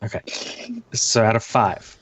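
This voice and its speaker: Guy w a lowish voice on a podcast, plain and measured. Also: fairly even intonation, a bit bright, husky, no echo. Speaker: podcast guest. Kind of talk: casual chat.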